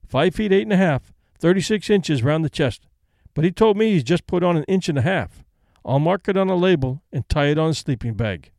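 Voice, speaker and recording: A man voicing a plain, restrained middle-aged female companion who speaks in a flat, dutiful way. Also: fairly high pitch, fairly quick, gravelly, no room sound, studio quality.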